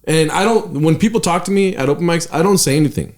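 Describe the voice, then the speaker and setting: Talking fast in a voice on the high side, this male comedian and podcast co-host spins a story in casual conversation. He's animated and profane, using fillers and leaving sentences trailing.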